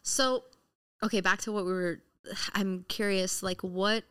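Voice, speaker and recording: A woman's voice: medium pitch, steady tone, unhurried, a bit bright, smooth. A woman in her twenties hosting a casual podcast chat, laughing often and talking with lots of "like". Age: 20s. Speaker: podcast host.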